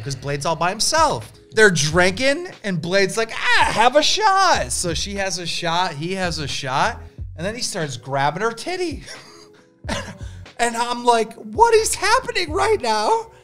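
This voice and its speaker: A man spins a story on a podcast, his high voice jumping all over the place. He swears freely and acts out every person he quotes, with a bright, sharp tone and faint music underneath. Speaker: podcast guest telling a story. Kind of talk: animated storytelling in casual chat.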